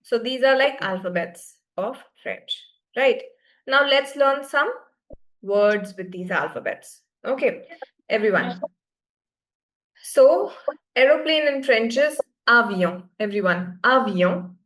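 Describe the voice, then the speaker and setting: A woman's voice: a little high, animated, takes it slowly, fairly bright tone. Patient woman teaching French pronunciation. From India. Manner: patient, repeats words for students to echo. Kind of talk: live online class teaching pronunciation.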